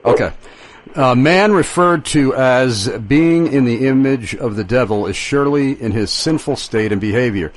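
A man hosting a call-in radio show, moving quickly between segments and reading out listener emails. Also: medium pitch. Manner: brisk, reads listener emails aloud. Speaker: radio talk show host. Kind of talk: live call-in radio talk.

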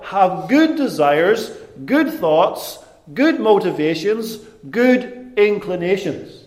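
A man preaching a sermon, deliberate and emphatic, with dramatic pauses. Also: high-pitched, animated, reverberant.

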